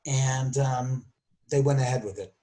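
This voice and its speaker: A man telling a story as a podcast guest, animated and acting out the voices he quotes, often restarting and correcting himself. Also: mid-range voice, measured pace. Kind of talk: storytelling interview.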